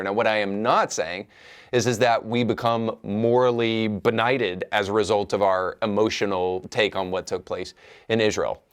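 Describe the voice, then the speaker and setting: A man hosting a commentary show, measured and argumentative as he reacts to clips. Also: fairly low pitch. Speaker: host.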